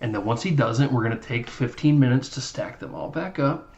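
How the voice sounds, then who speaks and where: A man's voice: mid-range voice, fairly quick, muffled recording. Man rambling through a film recap. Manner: rambling, animated, acts out movie lines in silly voices. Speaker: podcast host. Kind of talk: casual film recap chat.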